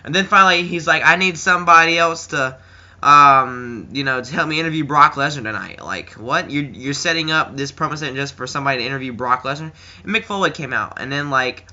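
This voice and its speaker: A teenage boy giving a rambling, casual video review, with lots of fillers, who slips into a higher voice when he quotes people. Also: sharp tone, highs cut off. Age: teens. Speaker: wrestling reviewer. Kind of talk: casual chat.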